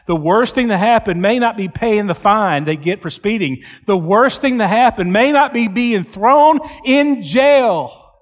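A man preaching a storytelling sermon, slow and deliberate, repeating phrases for emphasis. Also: high voice, big-room sound.

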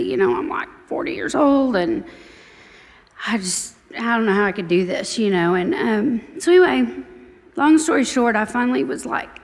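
A woman's voice: fairly high pitch, expressive, normal speed, long reverb tail. A woman in her forties telling her personal story to her church in a chatty, storytelling way. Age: 40s. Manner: chatty, storytelling, warmly grateful. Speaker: church member giving testimony. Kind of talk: personal testimony.

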